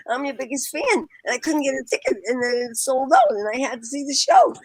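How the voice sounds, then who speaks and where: A woman, telling a lively story as a podcast guest and acting out the voices in it. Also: high voice, fairly quick, breathy edge, dry recording, rough recording. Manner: acts out quoted voices, laughs often. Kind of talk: animated anecdote telling.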